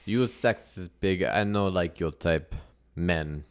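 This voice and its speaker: A gruff carnival strongwoman brushes people off in short, blunt, menacing lines, as a man puts her on. The voice sits very low and heavy. She is a tabletop game figure. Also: takes it slowly. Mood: dismissive.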